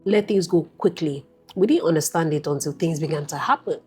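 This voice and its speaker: A woman sharing a personal faith testimony as a guest, telling it in an emphatic, lively way. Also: sits low, a little fast, faint music behind.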